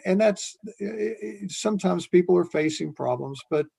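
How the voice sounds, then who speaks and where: An older man, a retired police chief, telling a story in an earnest, unhurried way as an interview guest. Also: high-pitched, animated, creaky, mellow, slightly rough.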